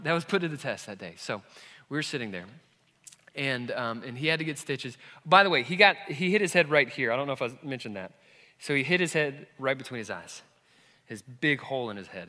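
A man in his thirties preaching a sermon as a pastor, telling a story that moves between quiet moments and loud, emphatic ones. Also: mid-range voice. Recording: long reverb of a large hall.

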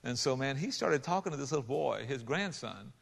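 Preacher in a reverberant hall. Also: male voice, medium pitch, expressive, a little fast, vocal fry. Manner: conversational, many restarts, rising to loud emphatic passages. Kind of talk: sermon storytelling. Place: large hall with a congregation.

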